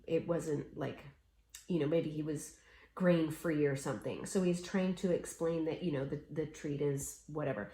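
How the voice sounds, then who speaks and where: A woman's voice: sits low, steady tone, normal speed, mellow, reverberant. A middle-aged woman chatting casually while she stitches, telling stories and acting out the voices of people in them. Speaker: cross-stitch vlogger.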